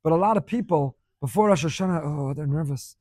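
A man's voice: on the high side, a little fast, darkish tone, no echo. A man giving a sermon as a rabbi teaching students, driving his points home with rhetorical questions and repeated phrases. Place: speaking in Jerusalem.

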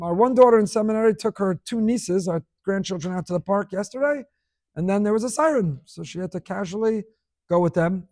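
Emphatic high-voiced preacher man. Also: no room sound, studio quality. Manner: emphatic, repeats key words, rhetorical questions. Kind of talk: sermon.

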